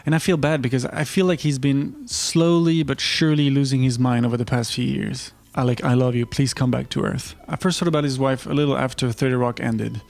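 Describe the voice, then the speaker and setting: A man giving vlog commentary in a wry, incredulous way, with quick asides. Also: medium pitch, fairly even intonation, gravelly, a little mellow. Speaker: online commentator.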